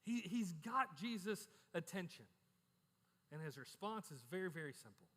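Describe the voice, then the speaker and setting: High-voiced pastor in an echoey church. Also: male voice, lively intonation, moderate pace, sharp tone. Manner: candid, conversational, repeats words when starting sentences. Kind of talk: sermon.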